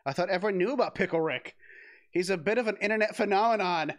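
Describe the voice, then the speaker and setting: A man with a high voice talks quickly while streaming a text adventure game. He reads the game text aloud in casual let's-play style, giggling, swearing and restarting along the way.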